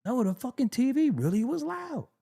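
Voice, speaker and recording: Gravelly, animated New man. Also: extremely high pitch, normal speed. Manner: animated storytelling, acts out exasperated voices, laughs often. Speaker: rapper talking on camera. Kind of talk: casual comedic monologue.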